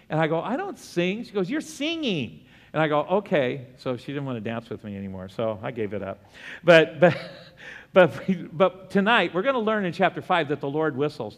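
Man preaching in a reverberant hall. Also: on the high side. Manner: conversational preaching with asides and chuckles. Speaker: pastor. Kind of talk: sermon. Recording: long church hall reverb.

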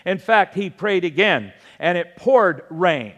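A man's voice: sits high, lively intonation, slow, a bit bright, dull audio. A man, a pastor, preaching a sermon earnestly and conversationally, telling stories and acting out the dialogue in them. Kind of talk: sermon storytelling. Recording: long reverb, large hall.

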